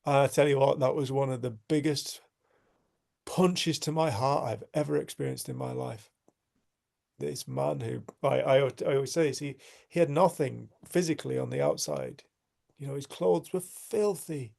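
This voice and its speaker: A man's voice: mid-range voice, animated, normal speed, gravelly, darkish tone. A man hosting a community group, telling a heartfelt personal story in an earnest, reflective way with frequent restarts. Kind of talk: storytelling in casual conversation.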